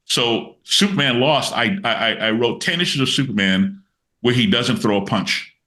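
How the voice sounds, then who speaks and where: A man's voice: mid-range voice, moderate pace. A man in his sixties, a comics writer being interviewed, telling stories animatedly with many restarts. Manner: animated storyteller, many restarts, acts out quotes. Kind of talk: casual interview chat.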